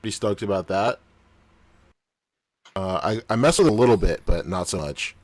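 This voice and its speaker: A man with a low, deep voice chatting casually as a podcast co-host. His delivery is loose and profane, broken up by frequent laughter. The sound is dry and close, with no room around it. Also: lively intonation, moderate pace, dry recording. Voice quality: unusually deep on this mic. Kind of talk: casual chat.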